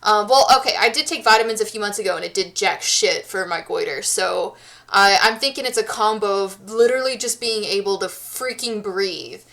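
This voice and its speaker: A woman's voice: mid-range voice, normal speed, fairly bright tone. A woman in her thirties from the United States, chatting casually with her stream viewers and rambling along with many restarts and fillers.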